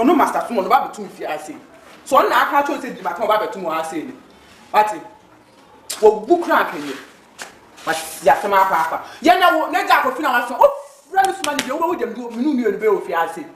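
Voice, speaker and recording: Woman playing a scolding Ghanaian sister-in-law. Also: medium pitch. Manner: scolding, shouting. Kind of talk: Ghanaian film drama acting. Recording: echoey room, faint noise.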